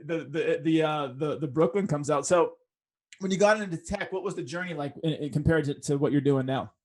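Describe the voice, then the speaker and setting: A podcast host with a faint Boston accent chats easily with his guest. His voice is a touch higher than most men's, and his manner is relaxed and friendly. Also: a little fast. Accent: muted Boston. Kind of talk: casual interview chat.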